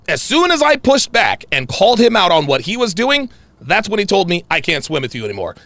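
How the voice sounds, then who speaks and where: Man in heated solo rant, high-pitched and gravelly, swinging pitch, dry close sound. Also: quick pace, no room sound. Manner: animated, retells arguments, repeats himself. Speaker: online commentator. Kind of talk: heated monologue to camera.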